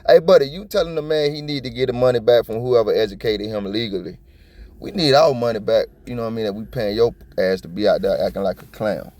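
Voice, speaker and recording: A middle-aged man from South Florida giving casual, blunt and profane commentary on a video, talking fast and stumbling over his words. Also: mid-range voice, darkish tone, dry recording. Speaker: copwatch commentator.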